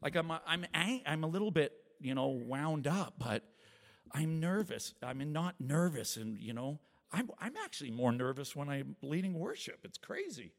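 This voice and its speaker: A middle-aged man with a gravelly edge prays and shares his testimony at church. He talks in a loose, chatty way, laughs often and slips into acted voices. Long reverb from a large hall trails after his words. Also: on the high side, big pitch swings, moderate pace. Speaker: worship leader giving a testimony. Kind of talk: prayer and personal testimony talk.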